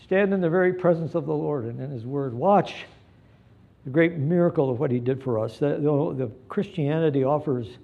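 A pastor preaching a live sermon in a mellow, husky voice with a gravelly edge, pitched a little high for a man. He pleads earnestly and moves between hushed passages and emphatic ones. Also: normal speed.

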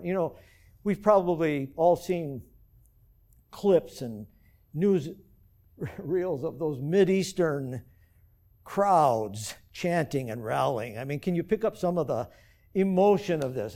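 With lively intonation and a measured pace, a man preaching as the pastor of the church uses a fairly high, mellow voice. Earnestly, he keeps addressing the congregation with rhetorical questions.

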